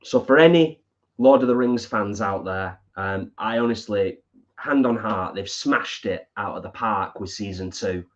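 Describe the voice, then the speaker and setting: A man's voice: fairly low pitch, measured pace. A man co-hosting a live stream, chatting casually and reading out viewer comments. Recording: dull lo-fi stream audio.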